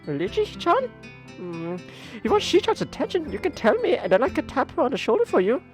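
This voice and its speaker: Man putting on a chirpy, high schoolgirl voice. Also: huge pitch swings, a little fast, soft background music, exaggerated voice. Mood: playful. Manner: chirpy, sing-song, eager. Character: bubbly cheerful teenage schoolgirl.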